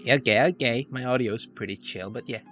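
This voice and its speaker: A playful male streamer rambles and jokes at himself while he sets up his stream. His voice sits at an ordinary pitch, and game music plays clearly behind him. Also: fairly quick, fairly bright tone. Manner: playful, rambling, self-mocking. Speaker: VTuber streamer. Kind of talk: casual game stream chatter.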